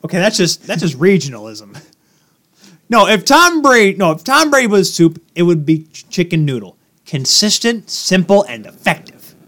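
Man, sports podcast co-host, argues hard and cracks jokes; bright, lively voice. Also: high-pitched, moderate pace. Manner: heated, argumentative, jokey. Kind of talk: casual sports chat.

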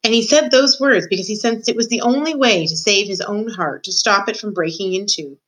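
A woman's voice: medium pitch, a little fast, a bit bright, rough recording. Woman reading a novel aloud. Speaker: student reader.

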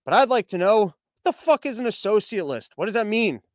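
A man's voice: sits high, sing-song, brisk, dry recording, clean studio sound. A young man hosting a news commentary podcast, rambling and sarcastic, mocking the stories and reading sponsor ads.

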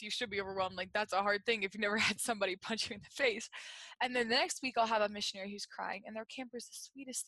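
A young woman who leads camp staff talks earnestly and quickly in casual conversation, using lots of fillers. Her medium-pitched voice sounds pushed and bright, with no echo.

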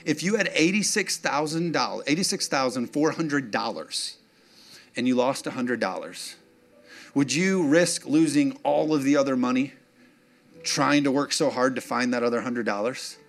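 An emotional man preaching a sermon in a loose, conversational way, with laughing asides to the people in front of him. His voice sits at an ordinary middle pitch for a man. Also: expressive, moderate pace, soft background music. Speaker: pastor.

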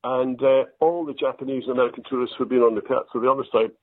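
An older Scottish man, an actor, telling self-deprecating stories in a relaxed interview. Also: mid-range voice, quick pace, no echo. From Scotland. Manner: storytelling, self-deprecating, quotes others in lively voices. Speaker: actor guest. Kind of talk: anecdotal interview chat. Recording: dry tinny phone-like line.

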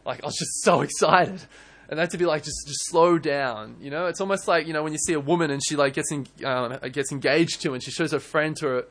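A young man preaching a sermon in church, earnest and animated, often restarting his words. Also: on the high side, fast talker. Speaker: pastor.

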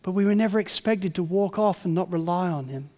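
A male pastor preaching a sermon, dropping to soft murmurs and rising to loud, ringing emphasis. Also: sits high, brisk, in a large hall.

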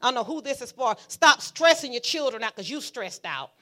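A woman pastor preaches in church, her voice high, bright and ringing. She talks to the congregation in a fiery, conversational way, slipping into quiet asides and then rising to shouts. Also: sing-song, fairly quick, slight background noise. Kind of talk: sermon. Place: church sanctuary.

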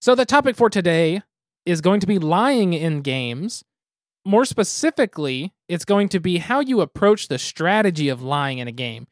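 A man's voice: sits high, sing-song, normal speed, dry recording, clean studio sound. A man hosting a casual podcast, easygoing and methodical as he reviews. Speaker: podcast host. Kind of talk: casual podcast chat, beer and game review.

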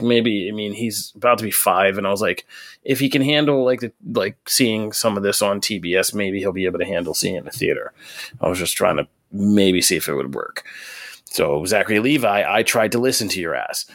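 A man's voice: fairly low pitch, dry recording. A man in his thirties co-hosting a film podcast, telling stories in a profane, ranting way during casual chat. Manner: profane, ranting, animated storyteller.

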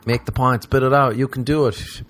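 An Irish man doing stand-up comedy, rambling through profane stories and mocking people in put-on high voices. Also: steady tone, moderate pace, a bit bright, slight background noise. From Ireland.

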